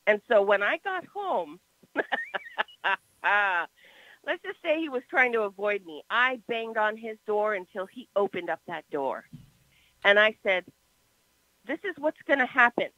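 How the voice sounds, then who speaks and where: A woman telling a story on a talk show, animated and expressive, with a bright, forceful voice. Her level swings from loud to soft. The sound is dry and a bit dull. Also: mid-range voice, measured pace, long pauses, dry recording.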